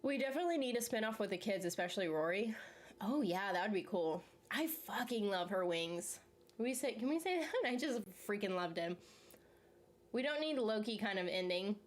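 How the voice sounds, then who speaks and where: A woman's voice: mid-range voice, lively intonation, normal speed. A young woman hosting a casual chat, rambling and filler-heavy, full of "like" and laughs. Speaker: channel host. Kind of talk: casual chat reacting to a series while eating.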